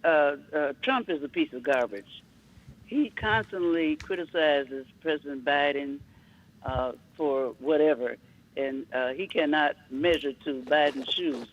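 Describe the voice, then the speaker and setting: A woman caller from Ohio who speaks bluntly but haltingly, leaning on plenty of fillers between her points. Her voice comes through dull and lo-fi, with the high end rolled off. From Ohio, USA. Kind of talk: call-in comment.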